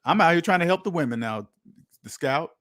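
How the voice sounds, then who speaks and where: Animated high-voiced man ranting casually. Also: fairly quick. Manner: animated, incredulous, repeats lines for emphasis. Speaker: finance channel host. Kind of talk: casual livestream rant.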